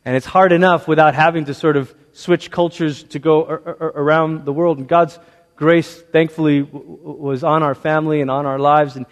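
A man who grew up in Malaysia, preaching a sermon as a pastor with emphatic, repetitive rhetorical phrasing that swings from loud to hushed. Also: on the high side, flat delivery, moderate pace. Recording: long reverb of a large hall.

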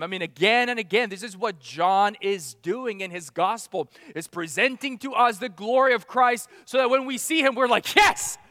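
Pastor, male, high and bright, emphatic sermon delivery, close dry mic with long hall tail. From outside America. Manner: emphatic, rising and falling, rhetorical questions.

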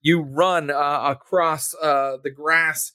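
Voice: medium pitch, steady tone, takes it slowly, bright, forceful tone, dry recording. A game master narrating a tabletop game in a loose, rambling way, full of ums and likes. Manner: rambling, many ums and likes, laughs often.

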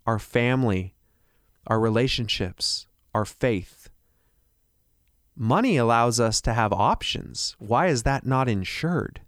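A man working as a financial advisor, delivering a persuasive radio pitch full of rhetorical questions. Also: dry recording, studio quality.

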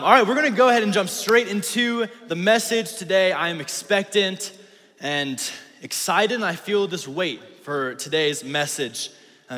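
Young guy youth pastor, kinda high voice, super casual and slangy, church hall echo. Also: bright, forceful tone. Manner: casual slangy, call-and-response with audience. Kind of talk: youth ministry sermon. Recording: reverberant hall.

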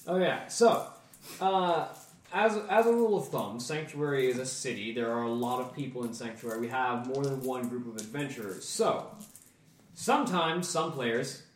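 A man running a tabletop game, explaining rules in a halting way with fillers. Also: medium pitch. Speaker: game master. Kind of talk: casual tabletop podcast talk. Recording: echoey room, distant mic, faint hiss.

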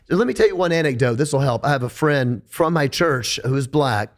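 A man speaking as a podcast guest in a conversational interview, an animated storyteller who repeats words when he gets going. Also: medium pitch, fairly quick. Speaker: podcast guest, rock singer.

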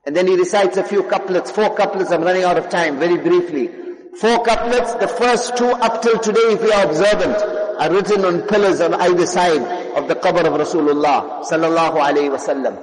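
A man preaching a sermon with fervour, moving between chanted Arabic recitation and soft, hushed English storytelling. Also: high-pitched, a little fast. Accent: South African. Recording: long hall reverb, crowd audible.

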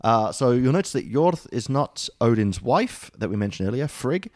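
A man's voice: mid-range voice, sing-song, moderate pace, darkish tone, no echo, studio quality. A man co-hosting a podcast in a loose, joking way, with many ums and uhs and casual swearing. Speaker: podcast co-host explaining mythology.

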